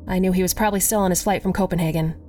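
Casting: female horror narrator, lower voice, unhurried and measured, faint music underneath. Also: fairly even intonation, dark tone. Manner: slow, measured storytelling. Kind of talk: scripted horror story narration.

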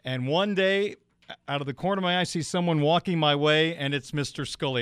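A man hosting a sports radio show, telling a personal anecdote in a casual, animated way. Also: brisk, smooth, no room sound, clean studio sound. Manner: animated, quotes voices with big pitch jumps.

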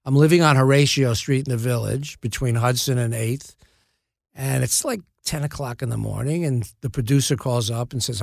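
An older man speaks with a gravelly, creaky edge into a dead, dry studio microphone. He spins stories from his acting life in a self-deprecating way, acting out the other people's lines as he goes. His pitch sits in an ordinary middle range. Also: moderate pace, no echo. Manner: self-deprecating, acts out quoted dialogue. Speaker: actor guest. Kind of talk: anecdotal storytelling in a podcast interview. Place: podcast studio.

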